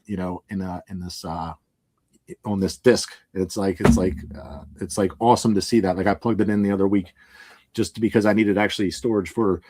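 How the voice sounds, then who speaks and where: A man from Pennsylvania rattles through a story at a quick clip, his voice sitting a little low. He rambles, laughs often and acts out what people said, heard close and dry. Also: a little mellow, no echo. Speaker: moving company owner, guest. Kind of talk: casual storytelling in a podcast interview.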